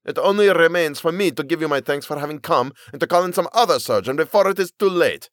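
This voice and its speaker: A man's voice: mid-range voice, steady tone, a little slow, no room sound, studio quality, close to an everyday voice. A man voicing a desperate, agitated foreign merchant husband who pleads and flares into anger. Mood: agitated pleading.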